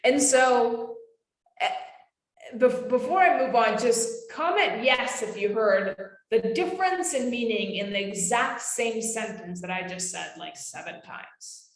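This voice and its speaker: A woman's voice: on the high side, expressive, unhurried. A young adult woman presenting a live webinar in a casual, emphatic way, often calling her listeners guys. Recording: roomy echo.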